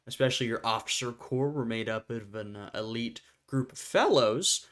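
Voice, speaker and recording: A man's voice: medium pitch, normal speed, a bit bright. A man hosting a history reaction video, talking casually and laughing often as he acts out short quotes.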